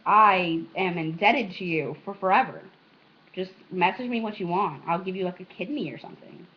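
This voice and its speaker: A woman's voice: lowish voice, moderate pace, muffled recording. A young American woman with an American accent, chatting casually in a rambling, self-mocking way. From United States. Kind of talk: casual vlog chat.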